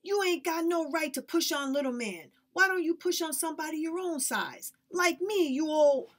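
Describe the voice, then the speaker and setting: A woman reading aloud and voicing a bold young girl who shouts in a high, strained voice. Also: moderate pace. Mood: defiant. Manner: shouting, defiant.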